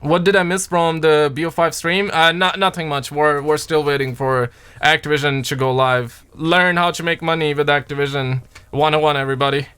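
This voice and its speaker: A young man chatting casually on a livestream, reading out viewers' names and talking games in slangy, animated bursts. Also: fairly high pitch, normal speed, smooth. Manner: slangy, animated, reads chat aloud. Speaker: streamer.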